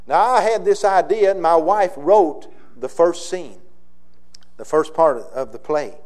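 A Southern US pastor preaches with a notably high-pitched voice. He pushes some lines out loud and forceful, then drops to quiet, drawn-out phrases for emphasis. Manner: emphatic, swings between loud declarations and quiet slowed phrases. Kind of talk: sermon.

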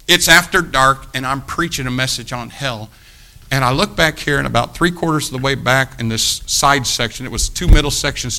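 A man preaching, telling a long story about himself in an animated, self-mocking way, acting out the quotes. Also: medium pitch. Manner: animated anecdote with acted quotes, laughing at himself. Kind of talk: storytelling sermon.

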